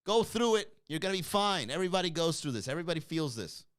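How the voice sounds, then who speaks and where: A man mocking an oversensitive social media complainer in a shrill, pleading voice. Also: very animated, quick pace, fairly bright tone, clean tone. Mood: whiny mocking.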